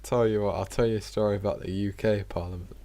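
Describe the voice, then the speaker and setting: A man co-hosting a podcast in a relaxed way, chiming in with short questions. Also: on the low side, fast talker, creaky. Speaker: podcast co-host. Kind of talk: casual chat.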